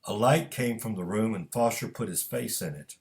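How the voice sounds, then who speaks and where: A man reading his own fiction aloud as scripted narration, measured and steady. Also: on the low side, vocal fry, a little hiss or hum.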